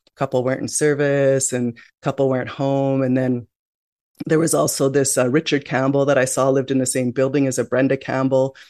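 Her voice rumbles low yet sounds warm, and she talks briskly with a level tone. She's a middle-aged interview guest from Canada, recounting her life reflectively and candidly while often restarting and saying "you know." The studio sound is clean and dry.

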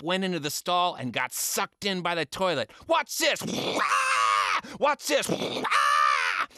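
Brief: lively male storyteller, slightly high voice, dry close sound. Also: dry recording. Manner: animated, with big swings between low hushed and high excited tones. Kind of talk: told personal story.

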